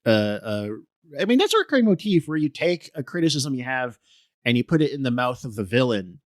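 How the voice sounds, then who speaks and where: Mężczyzna, współprowadzący podcast o filmach, suchy dźwięk. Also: male voice, mid-range voice, sing-song, dry recording, clean studio sound. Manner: halting, many restarts and fillers. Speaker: podcast co-host. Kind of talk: casual film discussion.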